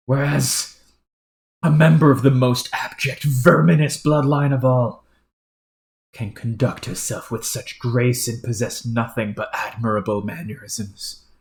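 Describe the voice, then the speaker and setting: Woman doing a haughty male troll aristocrat, deep-ish, prim, stilted formal speech, roomy echo. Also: a little mellow.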